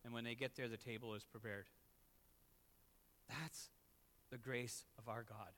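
A man preaching a sermon, telling a scripture story with animated swings between loud excitement and quiet, earnest emphasis. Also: medium pitch, measured pace, big-room sound. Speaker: pastor.

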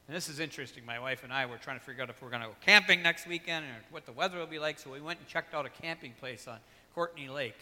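Bright-voiced man preaching in a reverberant hall. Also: a little high, fast talker, few pauses. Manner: conversational preaching, acts out Bible dialogue, asides and personal stories. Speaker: pastor. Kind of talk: sermon.

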